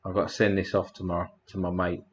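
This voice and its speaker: A man's voice: low-pitched, little pitch movement, fast talker, lo-fi sound, slight background noise. A man hosting a casual livestream, rambling and a bit crude as he thanks his chat one by one. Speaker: livestream host.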